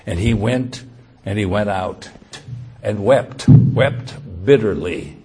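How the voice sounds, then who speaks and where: A man preaching a sermon, slow and emphatic, who reads scripture aloud and grows louder when quoting it. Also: on the low side, breathy edge.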